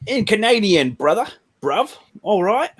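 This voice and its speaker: A woman's voice: medium pitch, big pitch swings, measured pace, husky. Giggly woman co-hosting a podcast. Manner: giggly, playful. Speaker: podcast co-host. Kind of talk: casual chat.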